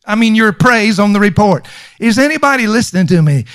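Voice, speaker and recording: A man's voice: high voice, animated, fairly quick, a bit bright, no echo. A man preaching a sermon as pastor, emphatic and conversational, repeating lines for stress. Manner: conversational with fillers and restarts.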